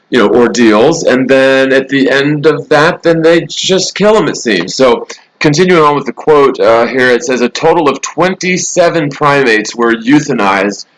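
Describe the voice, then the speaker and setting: A man of middle pitch hosts a casual live stream from a hotel room. He rambles and makes sarcastic asides as he reacts to the news. His voice is picked up by a laptop mic. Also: low-quality recording.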